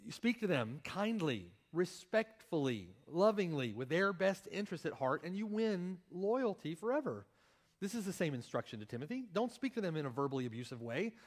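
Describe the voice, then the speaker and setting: A man's voice: sits high, big pitch swings, moderate pace. A male pastor preaching a sermon, reading scripture aloud and stressing his points emphatically. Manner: emphatic, reads scripture aloud then explains it. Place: church.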